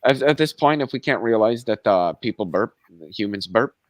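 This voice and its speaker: A man's voice: lowish voice, expressive, moderate pace, no room sound, lo-fi sound. An American man in his thirties, chatting casually on a stream, emphatic and swearing when worked up. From United States.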